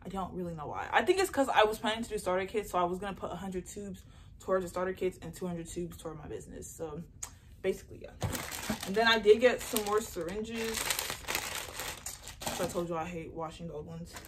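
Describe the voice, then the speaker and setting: A young woman chatting casually in an unboxing vlog, excitable and rambling as she talks about her beauty business, recorded on a phone. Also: fairly low pitch, a little fast, background noise. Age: young adult. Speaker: beauty entrepreneur and vlogger. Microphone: phone camera mic.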